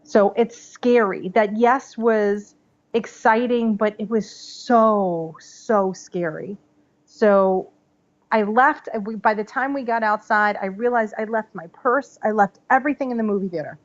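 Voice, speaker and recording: A woman in her thirties, a podcast guest telling a personal story in a chatty, animated way, full of "like" and "you know". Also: medium pitch, measured pace. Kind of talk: casual storytelling interview. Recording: slightly dull podcast audio.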